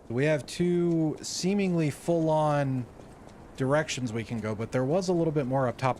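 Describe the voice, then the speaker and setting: A man's voice: medium pitch, a little mellow, slight background noise. An American man streaming a video game, chatting casually and reading in-game lore aloud, laid-back and a bit profane. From United States.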